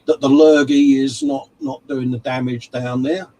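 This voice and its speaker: A man's voice: medium pitch, sing-song, moderate pace, mellow, low-quality recording. A man co-hosting a casual livestream chat, reading out viewer comments and calling everyone mate. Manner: chatty, calls everyone mate. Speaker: livestream co-host.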